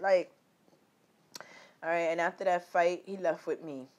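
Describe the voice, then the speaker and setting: A woman's voice: on the low side, steady tone, measured pace, pauses often. Emphatic, swearing woman vlogger. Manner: loose, profane, emphatic, addresses viewers directly. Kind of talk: casual personal storytelling to viewers.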